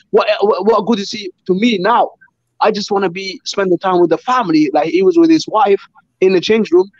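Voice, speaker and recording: A man arguing as a boxing fan, insistently repeating phrases to calm the other speaker down. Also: high voice, no echo, muffled recording. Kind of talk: heated casual argument.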